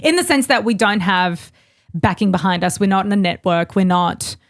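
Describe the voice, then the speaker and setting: A woman's voice: mid-range voice, expressive, normal speed. A woman from Yugoslavia in her thirties, co-hosting a podcast in a candid, rambling, casual chat and swearing freely. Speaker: podcast co-host.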